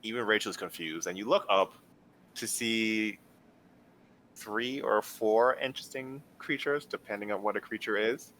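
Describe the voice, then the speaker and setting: A man's voice: on the low side, a little slow, fairly bright tone, slight background noise. A man narrating a tabletop game as game master, describing scenes casually with lots of fillers.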